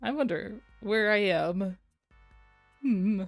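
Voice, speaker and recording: A woman's voice: fairly low pitch, unhurried, dry recording, soft background music. A young adult woman streaming, chatting casually and playfully, with frequent giggles and rambling asides. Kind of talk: casual livestream chat.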